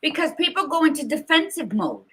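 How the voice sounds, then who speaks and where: A woman's voice: sits high, sing-song, a little fast, a bit bright. A woman co-hosting a podcast, giving blunt, profane motivational talk in a casual chat. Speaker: podcast co-host.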